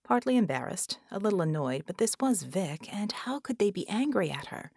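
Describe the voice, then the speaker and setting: A woman narrating an audiobook in a measured way, at times dropping into a whisper. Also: medium pitch, big pitch swings, vocal fry, a little mellow, breathy edge, no room sound, clean studio sound. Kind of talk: scripted narration.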